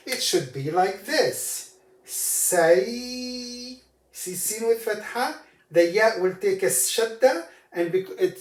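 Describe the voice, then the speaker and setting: A man teaching Arabic letters and vowel marks, speaking slowly and patiently and repeating each word for the learner. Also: high-pitched, echoey room. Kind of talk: language lesson.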